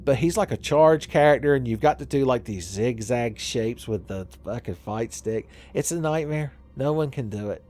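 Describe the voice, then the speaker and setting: A man's voice: medium pitch, lively intonation, moderate pace, hardly any pauses, a little mellow, slight background noise. A man hosting a let's play, giving profane, sarcastic gameplay commentary and laughing at his own jokes.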